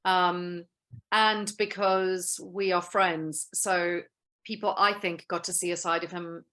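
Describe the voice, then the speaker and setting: A woman, a guest actress, telling stories in a lively, chatty way in a casual interview. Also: fairly low pitch, slow.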